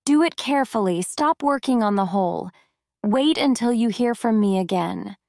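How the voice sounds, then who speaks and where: A woman voicing a frail old male prisoner with a white beard, speaking calmly and giving instructions. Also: fairly high pitch, normal speed, gravelly, no room sound, clean studio sound. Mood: instructing.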